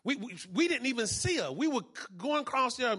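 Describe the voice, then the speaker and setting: A man pastor preaching a sermon and telling a testimony in church, using call and response and building from quiet to loud. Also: extremely high pitch, big pitch swings, a little fast, husky.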